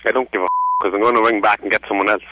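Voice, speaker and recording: A man's voice: fairly even intonation, very fast. A man with an Irish accent, exasperated and swearing, on a phone call from a car park. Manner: exasperated and swearing, pitch leaping when he shouts. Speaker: prank call victim. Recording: noisy phone line.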